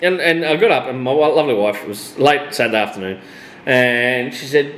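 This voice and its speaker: A middle-aged Australian man co-hosting a casual live show, animated, swearing freely and laughing often. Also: mid-range voice, brisk, echoey room, slight background noise. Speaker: co-host. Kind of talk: casual live-stream chat.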